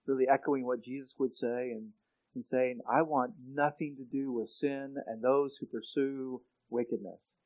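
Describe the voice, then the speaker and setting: A man preaching a sermon in an earnest way, often restarting his sentences and growing loud when he quotes scripture. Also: mid-range voice, muffled recording. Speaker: pastor.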